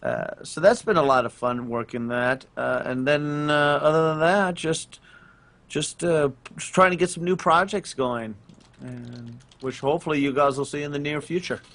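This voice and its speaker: A man with a slightly raised pitch tells stories in a loose, rambling way, full of ums and restarts. He chats casually with friends over a voice call and gets lively when he retells events. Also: moderate pace. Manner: rambling, many fillers, animated when retelling. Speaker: podcast co-host. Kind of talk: casual group chat, storytelling.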